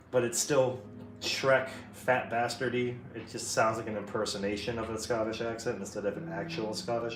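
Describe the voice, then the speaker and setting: A man's voice: medium pitch, a little hiss or hum. A man chatting loosely and rambling on a live stream while he paints, with frequent swearing. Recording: echoey room with music in the background.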